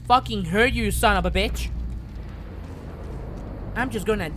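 Bright-voiced excitable swearing gamer man. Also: high-pitched, unhurried, a little hiss or hum. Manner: swearing, excitable, talks to the game. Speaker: streamer. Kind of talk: live gameplay commentary.

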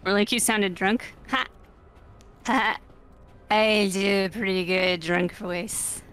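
A woman's voice: mid-range voice, fairly even intonation, slow, fairly bright tone, clean tone, soft background music. A young woman co-hosting a let's-play, bantering and teasing her dad in casual chat. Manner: playful, teasing. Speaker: co-host of a gaming channel.

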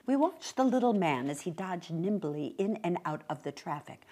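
A woman reading a short story aloud with expressive, brisk narration. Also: fairly low pitch. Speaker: reader.

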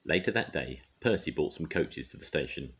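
Deep-voiced grandad reading a kids' story. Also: male voice, normal speed. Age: older. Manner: lively, expressive. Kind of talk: reading a children's story aloud. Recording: dull lo-fi recording.

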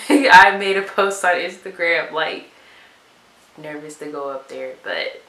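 A young woman vlogger talking softly and from the heart, in a casual chat to camera. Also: sits low, takes it slowly. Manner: soft-spoken and heartfelt. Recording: echoey room with faint hiss.

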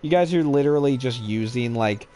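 A man co-hosting a casual gaming chat, swearing freely, excitable and laughing often. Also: mid-range voice, fairly quick. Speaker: co-host.

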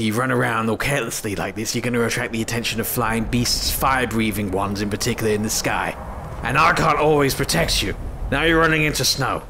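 A man's voice: mid-range voice, bright, forceful tone, a little hiss or hum. A man giving comedic let's-play commentary, scolding and fussing over an in-game companion in an exasperated way. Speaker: gaming YouTuber.

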